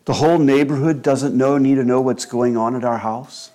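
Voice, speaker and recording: A man preaching a sermon in a slow, measured and earnest way, with quiet asides. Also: medium pitch, fairly even intonation. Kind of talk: sermon on child-rearing.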